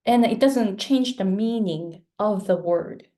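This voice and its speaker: A woman whose first language is Japanese answers audience questions as a guest speaker. She talks slowly, explains patiently and gives examples. Her voice is mellow and warm. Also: medium pitch. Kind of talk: online webinar Q&A answer.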